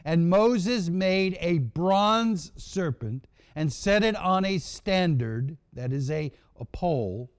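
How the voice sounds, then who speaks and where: A man preaching a sermon, retelling scripture in a slow, dramatic delivery with long pauses. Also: high-pitched.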